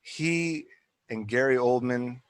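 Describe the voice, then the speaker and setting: A man's voice: medium pitch, takes it slowly, no room sound. A man who acts, talking casually in a podcast interview, rambling and restarting his sentences often. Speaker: actor and guest. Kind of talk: casual conversation.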